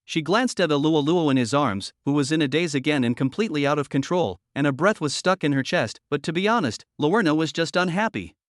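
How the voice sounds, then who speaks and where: A man narrating a scripted comic recap with a steady, even delivery. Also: on the high side, fairly quick, few pauses, no room sound, clean studio sound.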